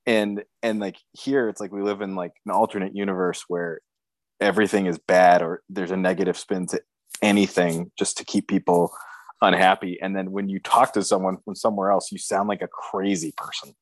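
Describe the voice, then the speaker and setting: Deep-voiced wry podcast man. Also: little pitch movement, a little fast, no room sound. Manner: wry, joking. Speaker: sports podcast co-host. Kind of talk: casual sports talk.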